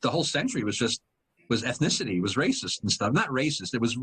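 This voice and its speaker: A man in his sixties, a guest comedian telling stories in a casual chat, quick and animated. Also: medium pitch, slightly rough. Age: 60s.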